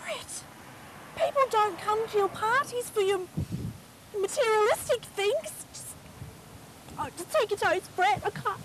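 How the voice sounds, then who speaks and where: An actress with an Australian accent playing a fed-up wife who pleads in exasperation. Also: female voice, very high-pitched, animated, a little slow, pauses often, background noise. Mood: exasperated. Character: Leonie, Bretto's wife, fed up.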